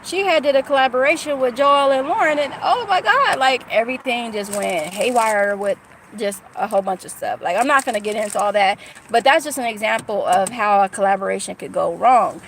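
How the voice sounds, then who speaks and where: A candid woman from California talks casually to her livestream viewers, rambling and restarting her thoughts as she goes. Her voice sits a little high. A faint hum of background noise runs under it. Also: fairly quick. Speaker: YouTuber talking to live chat.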